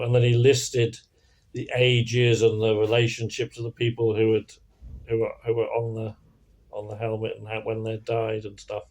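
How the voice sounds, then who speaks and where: A man's voice: on the low side, a little mellow. A man co-hosting a comedy podcast, talking casually in a dry, self-deprecating way. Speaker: comedian co-host.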